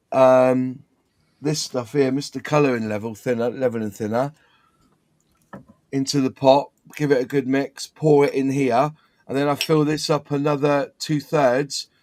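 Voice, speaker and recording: A man's voice: mid-range voice, darkish tone, dry recording. A man on a modelling live chat, explaining his paint routine in a rambling, self-correcting way. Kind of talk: casual chat.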